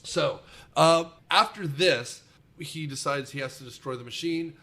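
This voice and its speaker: Guy rambling thru a movie recap on a podcast, kinda high voice, jokes a lot. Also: a little slow. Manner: rambling, jokey, animated retelling. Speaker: podcast host. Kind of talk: casual film podcast chat.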